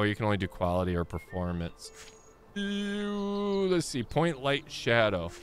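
A man's voice: on the low side, fairly bright tone. A man in his thirties hosting a live game stream, chatting casually and rambling, often correcting himself and laughing.

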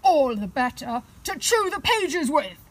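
A woman's voice: a little high, big pitch swings, a little slow, a bit bright, breathy edge, voice pushed up, heavily acted, poor audio. A woman voicing a cunning male wolf in a children's storybook, sweet-talking and growling. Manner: cunning, growling when threatening. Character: sly hungry male wolf in disguise.

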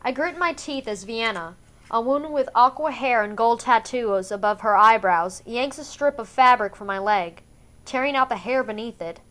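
Female fan audiobook reader, slightly high, measured and subdued first-person narration. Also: a bit bright.

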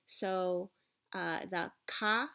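A woman's voice: on the low side, very slow, creaky, pushed and bright, smooth. A woman teaching a language lesson, explaining patiently with small fillers and asking "right?" to check understanding. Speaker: Japanese teacher.

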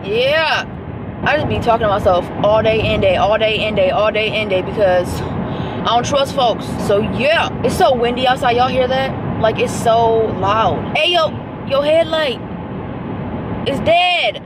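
A woman's voice: on the high side, unhurried. A young woman chatting casually to her vlog camera, sassy and talkative, talking back at other drivers. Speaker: vlogger. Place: in a car while driving, then at home. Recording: noisy car recording with wind.

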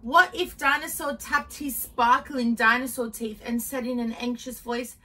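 A woman reading a children's picture book aloud, in a gentle, expressive storytelling manner. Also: on the high side, measured pace, hardly any pauses, far from the mic, low-quality recording.

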